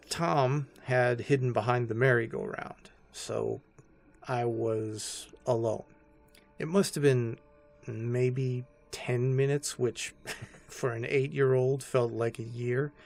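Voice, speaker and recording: A man narrating a scripted horror story in a slow, hushed and somber way. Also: mid-range voice.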